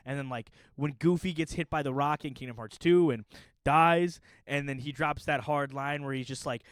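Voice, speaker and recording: A man's voice: on the high side, moderate pace, clear, resonant tone, no room sound. A young man telling stories in a casual, joking chat to camera as a puppeteer and YouTuber. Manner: animated, joking, storytelling.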